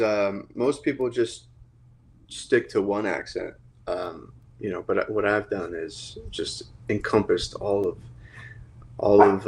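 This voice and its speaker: A man's voice: fairly low pitch, gravelly, breathy edge. Hesitant American man, lots of ums. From United States. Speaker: guest, cartoon creator. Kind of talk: casual chat. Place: home recording space.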